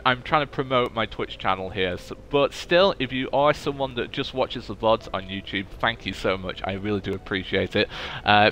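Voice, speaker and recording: Chatty young guy streaming games, bright tinny toaster mic, faint room hum. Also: mid-range voice. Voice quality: recorded on a cheap mic. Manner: chatty, excitable, thanking viewers. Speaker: gaming streamer. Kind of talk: casual live-stream chatter. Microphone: cheap desk microphone.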